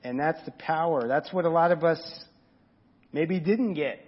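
A man with a fairly high, husky voice preaches in an easygoing, earnest way, talking straight to his listeners. The sermon audio sounds dull and lo-fi. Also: measured pace. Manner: informal, earnest, talks directly to the congregation. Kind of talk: conversational sermon.

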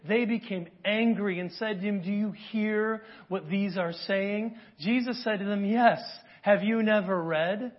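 Male preacher, high husky voice, chatty and animated, muffled church recording. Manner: conversational, animated, asks the congregation questions. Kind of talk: sermon. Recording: dull lo-fi audio.

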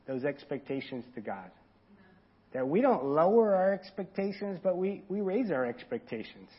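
A man with a husky, somewhat high voice delivers a casual, conversational sermon. The recording sounds dull and lo-fi, and he sometimes slips into quoted voices that rise in pitch and volume. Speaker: pastor.

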